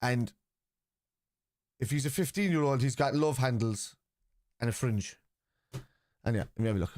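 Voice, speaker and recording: A man's voice: mid-range voice, normal speed, a little mellow. A man from Liverpool in casual live-stream chat, rambling and teasing commenters as he reads out messages during a football watchalong.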